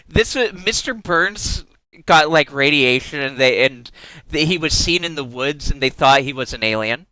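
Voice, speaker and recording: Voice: mid-range voice, animated, unhurried, bright, forceful tone, smooth, no echo. A young adult live streamer chatting casually, giggling often, gushing over cute pictures and swearing freely.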